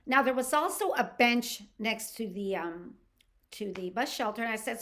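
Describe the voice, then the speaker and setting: Bright, animated woman telling a story. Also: fairly high pitch, moderate pace. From Canada. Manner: animated, frequent restarts and repeated words. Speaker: podcast host. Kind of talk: casual storytelling.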